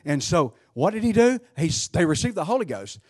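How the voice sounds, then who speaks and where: A male preacher delivers a sermon in a husky, slightly raised voice that swings widely in pitch. He talks emphatically, fires off rhetorical questions and restarts his phrases as he goes. The sound is close and dry. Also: big pitch swings, brisk, darkish tone, no echo.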